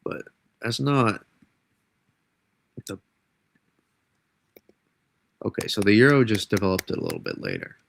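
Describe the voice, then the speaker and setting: Low gravelly man talking weather models. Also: huge pitch swings, measured pace, pauses often. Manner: rambling, self-correcting, casual. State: congested from a cold. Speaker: weather forecaster. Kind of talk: live-stream weather model breakdown.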